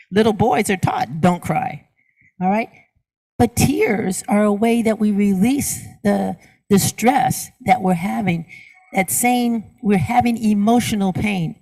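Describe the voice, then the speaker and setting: A woman's voice: mid-range voice, a little mellow. A middle-aged woman minister giving a sermon. She asks the congregation questions and answers them herself, and she repeats words for emphasis.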